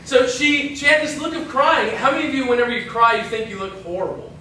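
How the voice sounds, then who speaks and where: Casual young-group Bible teacher, man, high bright voice, echoey hall mic from a distance. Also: fast, a little hiss or hum. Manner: chatty, self-interrupting, jokey asides. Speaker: youth pastor. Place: church hall.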